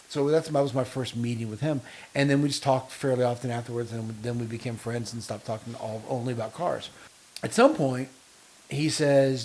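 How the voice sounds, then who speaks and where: A man chatting casually on a podcast as a co-host. He spins long, lively stories and acts out the other people in them with quoted lines. His voice sits at an ordinary middle pitch. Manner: long animated anecdotes with quoted dialogue. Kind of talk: casual chat.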